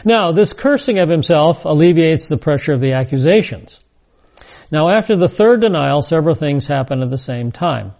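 A man's voice: a little high, animated, normal speed, creaky, darkish tone. A man teaching a scripture lesson, reading verses and adding casual asides. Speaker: Bible teacher. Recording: dull lo-fi recording.

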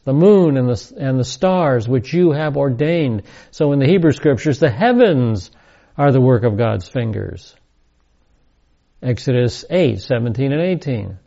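A man giving verse-by-verse Bible teaching, reading scripture aloud and slowing down to stress key words. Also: fairly high pitch, dark tone, lo-fi sound.

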